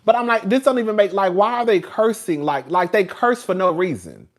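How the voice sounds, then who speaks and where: A man chats casually on a live stream, full of sass and quick laughs. His voice swoops up and down with lots of expression, and he rambles from one point to the next. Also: high voice, very animated. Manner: rambling, chatty and sassy, laughs often. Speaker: show host reviewing TV.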